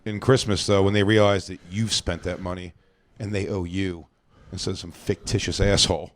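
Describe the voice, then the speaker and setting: A man in casual podcast chat, trading jokes with quick banter. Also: low-pitched, little pitch movement. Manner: joking banter.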